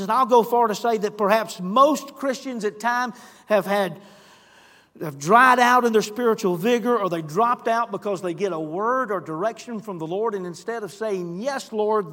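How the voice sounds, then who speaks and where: A man's voice: high-pitched, a bit bright, in a large hall. A man preaching a sermon as pastor, earnest, acting out scripture quotes and speaking directly to the congregation. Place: church sanctuary.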